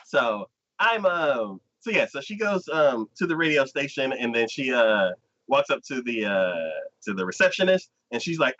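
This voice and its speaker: A man retelling anime scenes on a casual podcast, his pitch leaping around as he acts out each character. His voice is bright and forward, and the recording is dull and lo-fi. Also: normal speed. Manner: animated storyteller acting out scenes, frequent "like". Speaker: podcast co-host. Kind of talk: casual anime review chat.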